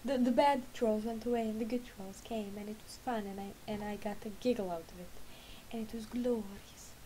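She talks fast in a steady, mellow, mid-range voice, on a rough recording with a little hiss or hum. A woman in her late twenties who vlogs and games, she has just gotten out of bed and is sleepily chatting casually at home, rambling and correcting herself.

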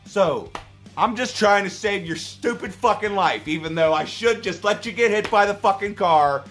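A man ranting in a video, swearing heavily and swinging between angry shouting and low, exasperated muttering. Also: lively intonation, moderate pace, soft background music. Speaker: YouTuber. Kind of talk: profane rant video.

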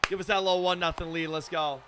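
A young man giving live gameplay commentary, excitable and self-deprecating, breaking into shouts when plays go wrong. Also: sits high, quick pace, heavy background noise. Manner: self-deprecating, hard on himself. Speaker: gaming YouTuber.

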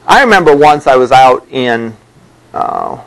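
A man's voice: mid-range voice, lively intonation, a little slow, a bit bright, low-quality recording. A man teaching a college class, talking in a loose, conversational way with many fillers and side stories. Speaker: college instructor. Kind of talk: classroom lecture. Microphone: microphone worn by the lecturer.

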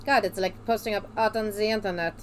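A woman's voice: medium pitch, steady tone, fast, a little hiss or hum. A woman streaming a game as a VTuber, chatting playfully and muttering to herself while she draws. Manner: playful, goofy, talks to herself while drawing.

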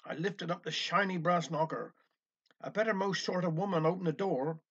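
High-voiced dialect storyteller man. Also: moderate pace, fairly bright tone, slightly rough. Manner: chatty folksy narration with old sayings. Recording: dull lo-fi recording.

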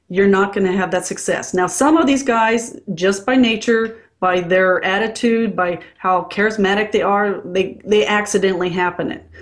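Woman, dental consultant, frank, blunt, casual interview talk. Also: medium pitch.

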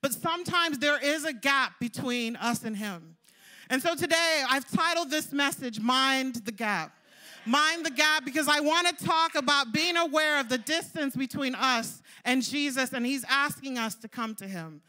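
Young woman preacher, high bright tone, casual storytelling delivery. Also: moderate pace. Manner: chatty, storytelling, lots of "like" and "you know". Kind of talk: sermon.

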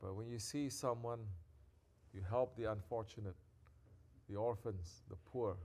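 A man giving a sermon as a sheikh, who moves between quiet, intimate reflection and loud, scolding exhortation and drops Arabic devotional phrases into his talk. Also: fairly low pitch, steady tone, a little slow, slight background noise.

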